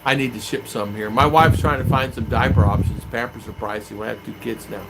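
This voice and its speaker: An American man vlogging from his home in the Philippines rambles through a casual live-stream, reading viewer comments aloud and answering them. His medium-pitched voice is steady and brisk, with a clear clicking noise behind it.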